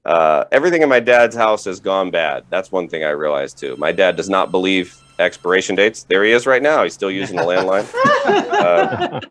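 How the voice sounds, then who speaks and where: Male stand-up, low and animated, laughs through the punchlines. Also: moderate pace, no room sound. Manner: rambling, chuckles through his own punchlines. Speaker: stand-up comedian. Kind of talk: stand-up comedy set. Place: home setup for a virtual show.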